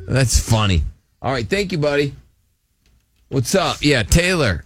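A man hosting a casual radio show who laughs a lot and acts out callers' stories in squeaky voices. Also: very animated, moderate pace, pauses often, fairly bright tone, dry recording. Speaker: radio host.

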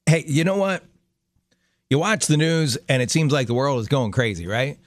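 Man, middle-aged, co-host, chatty, laughing storyteller, medium pitch, dry close mic. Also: normal speed, dry recording. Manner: chatty storyteller, light laughs, frequent restarts. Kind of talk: casual chat.

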